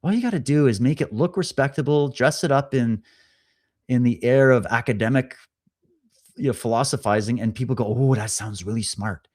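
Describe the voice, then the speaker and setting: A man's voice: mid-range voice, brisk, a little mellow. A man hosting a live stream, giving casual commentary with sarcastic, mocking asides. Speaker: livestream host.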